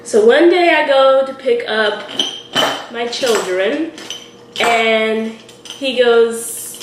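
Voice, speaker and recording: A young woman in her twenties telling a story while doing her makeup, animated and giggly, acting out what people said. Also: fairly high pitch, slow. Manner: animated, quotes people in lively voices, giggly. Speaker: beauty vlogger. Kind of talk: chatty get-ready-with-me storytelling. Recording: roomy echo with faint hiss.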